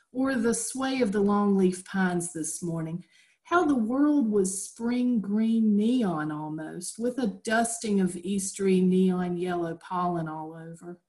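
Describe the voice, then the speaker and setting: A woman with a Southern US accent reading her own poem at an open mic over a video call, slow and reflective. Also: medium pitch, a little mellow. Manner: slow, reflective, lingering on phrases.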